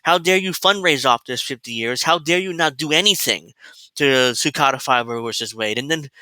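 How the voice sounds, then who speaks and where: A man putting on a sarcastic, shrill impression of an indignant woman politician. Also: normal speed, pushed and bright, no room sound, rough recording. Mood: sneering.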